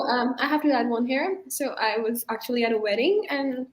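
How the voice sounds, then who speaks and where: A young woman telling animated personal anecdotes in a casual chat. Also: a little high, fairly quick, hardly any pauses, rough recording.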